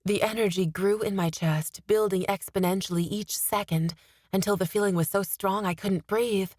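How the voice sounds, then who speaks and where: Woman reading a fantasy book aloud, first person, steady and expressive, dry close mic. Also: medium pitch, moderate pace, no echo. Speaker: audiobook narrator. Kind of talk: first-person audiobook narration.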